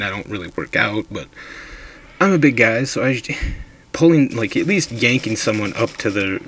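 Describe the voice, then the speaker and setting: A man's voice: fairly low pitch, a bit bright, a little hiss or hum. A man casually telling a drunken ghost story, rambling and swearing a lot.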